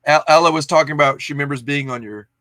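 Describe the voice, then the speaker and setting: A man's voice: fairly high pitch, quick pace, bright, forceful tone, no room sound. A man hosting a casual livestream, chatting in a rambling, self-interrupting way. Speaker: livestream host.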